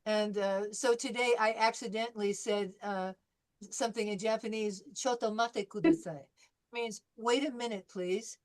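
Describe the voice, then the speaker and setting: A woman's voice: mid-range voice, steady tone, moderate pace. An older woman from California teaching a French class, chatting through anecdotes with fillers and restarts. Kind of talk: classroom lesson wrap-up.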